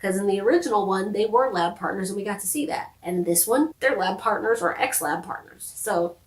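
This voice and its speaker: A woman's voice: mid-range voice, brisk, echoey room, poor audio. A woman recapping and reviewing a TV show in a chatty, sarcastic vlog style. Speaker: TV review vlogger.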